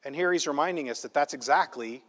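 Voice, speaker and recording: A male pastor preaching a sermon in a church, emphatic and conversational, often checking in with a quick "right?". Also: on the high side, fairly bright tone. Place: church sanctuary. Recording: long hall reverb in a church.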